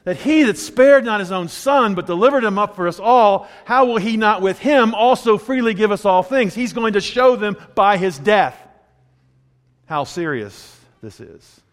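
Male pastor, sermon; conversational, wry, slightly higher voice, reverberant church hall. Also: normal speed. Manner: conversational, wry, animated asides.

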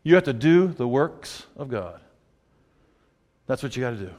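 A man preaching a sermon as pastor, conversational and wry, with animated asides. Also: mid-range voice, normal speed, long reverb tail.

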